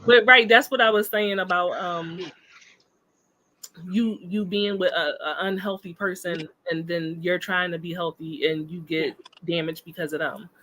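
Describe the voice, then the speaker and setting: A woman on a podcast, telling stories in a lively, emphatic way in casual chat. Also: lowish voice, normal speed, a little hiss or hum, low-quality recording. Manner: animated, emphatic storytelling. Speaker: podcast guest discussing relationships.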